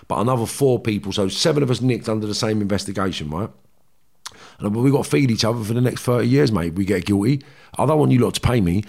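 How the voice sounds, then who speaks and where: A low-voiced middle-aged man tells his story in a blunt, slangy way. He swears freely and acts out the back-and-forth as he goes. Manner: blunt, heavy swearing, slangy, animated retelling. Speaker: guest telling his life story. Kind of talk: casual storytelling.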